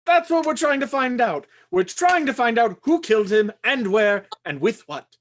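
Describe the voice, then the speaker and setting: A fussy, jittery butler talks in a lively, swooping voice and easily gets flustered and loud, as a performer acts him out. It is an amateur live play reading over a video call. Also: mid-range voice, moderate pace. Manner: flustered, rising into shouts.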